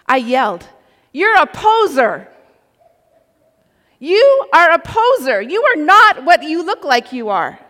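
A woman preaching a sermon, telling a personal story with animated delivery and occasional shouted quotes. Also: high-pitched. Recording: long reverb of a large hall.

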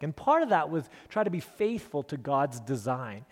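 Brief: man in his forties, pastor, high voice, earnest self-deprecating storyteller, long hall reverb. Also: very animated, fast, few pauses. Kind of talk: storytelling sermon talk.

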